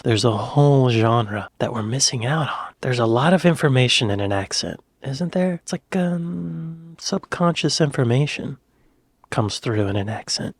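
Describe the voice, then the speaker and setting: A man's voice: medium pitch, expressive, normal speed, no echo. Chatty American man reacting to a video. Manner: chatty, musing, self-correcting. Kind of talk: casual reaction commentary.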